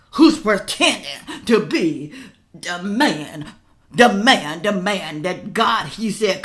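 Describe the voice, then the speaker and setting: A woman's voice: fairly low pitch, a bit bright. An older woman giving blunt, chatty commentary to her viewers, calling them y'all. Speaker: reaction vlogger.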